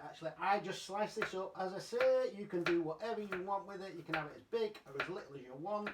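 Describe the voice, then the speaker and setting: Fast and expressive, a high-pitched male voice chats his way through a home cooking demonstration, cursing freely and poking fun at himself. The kitchen sound is spacious and distant, with a little hiss or hum.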